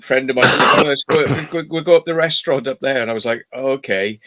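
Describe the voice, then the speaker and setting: Man telling a story in halting bursts. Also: medium pitch, pushed and bright. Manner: halting, repeats words, laughs while telling a story. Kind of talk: casual chat.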